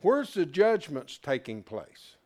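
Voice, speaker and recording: Animated, high-voiced man teaching scripture. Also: slow pace. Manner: animated, folksy, questions the class. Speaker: Bible study teacher. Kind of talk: interactive sermon teaching.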